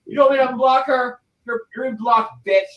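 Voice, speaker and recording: A man hosting a live stream, yelling insults in a heated argument. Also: extremely high pitch, fairly even intonation, fairly quick, lo-fi sound, crowd noise. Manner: yelling, insulting, then mock-sweet.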